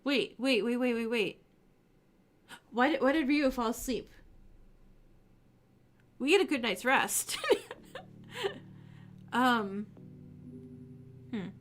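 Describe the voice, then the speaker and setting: High-voiced, giggly woman streamer. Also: slow pace, pauses often. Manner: giggly, animated reactions. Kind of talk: casual let's-play commentary.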